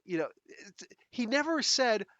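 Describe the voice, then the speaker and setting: A man's voice: very high-pitched, very animated, a little slow, bright, forceful tone, no echo. A man hosting his own podcast in casual chat, rambling and blunt with a sarcastic edge. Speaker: podcast host. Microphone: close desk mic.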